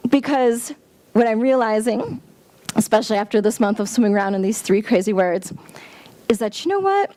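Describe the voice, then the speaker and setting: A woman giving a sermon-style talk at a spiritual center, animated and exclamatory, with playful asides. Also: a little high, a little fast, dry recording. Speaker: guest speaker at a spiritual center.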